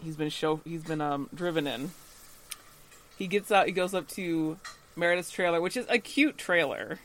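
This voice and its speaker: A man co-hosting a podcast and recapping an episode in casual chat. He is animated, laughs often and acts out the characters' lines. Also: a little high, moderate pace, a little hiss or hum.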